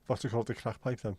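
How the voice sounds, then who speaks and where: A livestream host with a mid-range, slightly mellow, husky voice chats casually with his viewers. He reads and answers their comments, teasing them in friendly banter.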